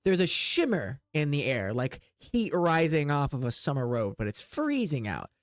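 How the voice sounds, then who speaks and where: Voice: mid-range voice, huge pitch swings, moderate pace, no room sound. A game master narrating a tabletop game in a casual, rambling way full of fillers.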